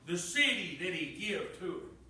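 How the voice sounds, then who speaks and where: A middle-aged man preaching a folksy sermon, swinging from loud proclamations to hushed personal storytelling. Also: high voice, big pitch swings, normal speed. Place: church sanctuary. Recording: echoey church from far off.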